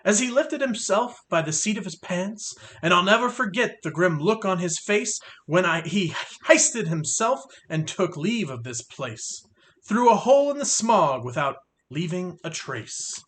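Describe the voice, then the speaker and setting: Male storybook reader, high voice, very lively, sing-song rhymes. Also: unhurried. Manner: expressive, sing-song rhyming delivery. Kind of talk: reading a picture book aloud.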